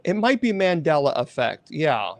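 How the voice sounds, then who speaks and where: Male host, casual chat, rambling and animated, slightly high voice, dry close sound. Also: moderate pace, dry recording. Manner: rambling, animated, self-correcting.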